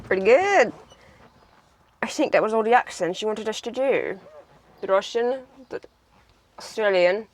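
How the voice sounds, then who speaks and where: A young American woman talks with her sibling in a casual farm vlog. Her manner is chatty and playful, and she laughs easily. Her voice sits at a middle pitch. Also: moderate pace. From United States. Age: young adult. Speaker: farm vlogger. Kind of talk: casual chat.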